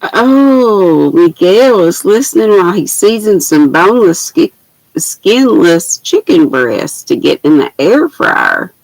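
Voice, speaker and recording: An older woman hosting a casual craft livestream, warmly greeting viewers by name with pet names and laughing often, speaking into a laptop mic at home. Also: mid-range voice, big pitch swings, takes it slowly, gravelly, no room sound, rough recording. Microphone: laptop built-in mic.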